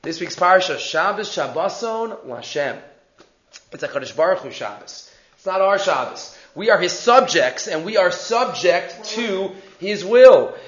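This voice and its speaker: A man's voice: high voice, expressive, measured pace. A man teaching a religious class who tells stories and translates each verse as he goes, heard in an echoey, dull recording.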